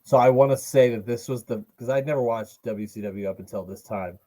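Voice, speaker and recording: A man's voice: medium pitch, brisk, dark tone. A man co-hosting a wrestling podcast, chatting casually, joking and swearing now and then. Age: adult, watched as a child in 1995. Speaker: podcast co-host. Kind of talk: casual chat watching wrestling.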